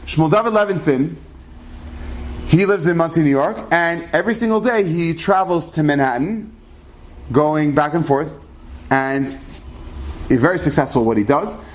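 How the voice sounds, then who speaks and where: A man's voice: a little high, moderate pace, long pauses. A man telling a true story in a casual, conversational way, acting out the dialogue of the people in it. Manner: conversational, acts out quoted dialogue.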